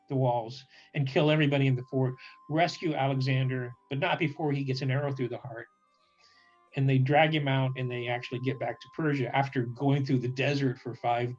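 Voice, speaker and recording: A man casually telling a history story with humor, acting out characters' lines in quick voices. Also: medium pitch, muffled recording, soft background music. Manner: animated, acts out quotes in voices, restarts often. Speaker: podcast co-host.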